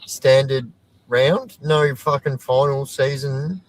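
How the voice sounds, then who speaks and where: A man's voice: medium pitch, fairly even intonation, takes it slowly, rough recording. A man with an Australian accent chatting enthusiastically as a guest on a casual livestream, swearing now and then. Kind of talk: casual chat.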